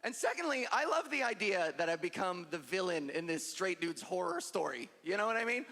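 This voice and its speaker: A trans woman stands on stage doing a stand-up comedy set that's punchy and self-deprecating, speaking fairly quickly. Her pitch is fairly low, her delivery animated and slightly bright. Audience sounds and ambience echo through the hall.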